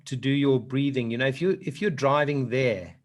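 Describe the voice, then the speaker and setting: A man's voice: mid-range voice, moderate pace. A South African man talking to a speakers' group as a public speaking trainer. He wanders into anecdotes and keeps restarting his sentences. His voice sits in a middling range. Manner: rambling and anecdotal, with many restarts.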